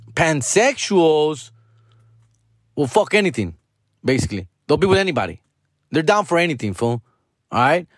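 A man's voice: a little high, dry recording, studio quality. A middle-aged man, talking in a casual, profane, rambling monologue that slips into Spanish. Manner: slangy, profane, bilingual Spanish code-switching; drawling, rambling. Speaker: podcast host.

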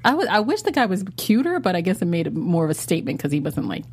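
A woman's voice: fairly low pitch, very animated, fast, husky. A woman co-hosting a podcast, chatting enthusiastically in a casual TV recap. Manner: chatty, enthusiastic, trails off and restarts. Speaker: podcast co-host.

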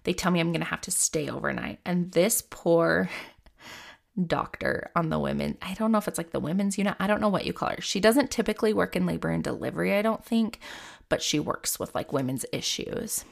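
A woman's voice: fairly low pitch, brisk, gravelly. A woman in her thirties telling a personal story in a casual, rambling, candid way, full of "like" fillers.

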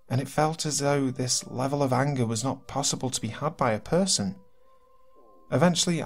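Man, horror story narrator, medium pitch, steady, faint background music. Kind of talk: scripted narration of horror stories.

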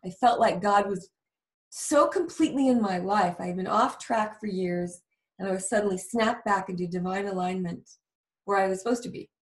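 A woman's voice: medium pitch, normal speed. Woman, earnest emphatic storyteller, echoey room, set back from the mic. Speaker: guest. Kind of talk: personal storytelling in conversation. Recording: roomy, distant sound.

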